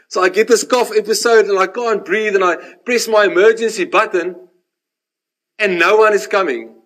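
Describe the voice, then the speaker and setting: A man, preaching a sermon and telling his own story, animated in the dramatic parts and hushed in the reflective ones. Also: sits high, moderate pace, pauses often. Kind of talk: sermon with personal testimony.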